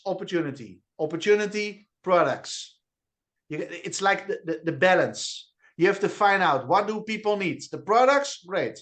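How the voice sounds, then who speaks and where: On a video call, a network marketing trainer with a Dutch accent and an unusually high voice for a man speaks in a fairly bright tone, brimming with eager energy. He pushes his team by repeating key phrases again and again, stumbling over quick restarts and stutters.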